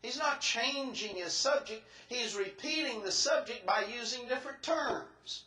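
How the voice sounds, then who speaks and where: A man's voice: very high-pitched, a little slow, pushed and bright, echoey room, low-quality recording. A man preaching an expository sermon in a church, laying out his points methodically, step by step.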